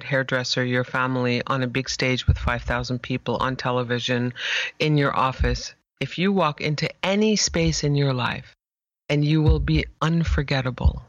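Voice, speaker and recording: Animated woman telling a story. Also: rumbling low, dry recording, lo-fi sound. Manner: animated storyteller, emphatic and spiritual. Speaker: guest, image therapist. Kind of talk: conversational interview.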